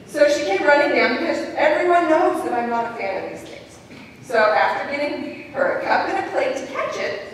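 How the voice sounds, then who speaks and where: A woman's voice: high voice, normal speed. A woman preschool teacher giving a speech at a school program, telling stories and acting out what the children said. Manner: animated storytelling, acting out children's lines. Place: large hall at an evening event. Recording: echoey hall from far off, faint room noise.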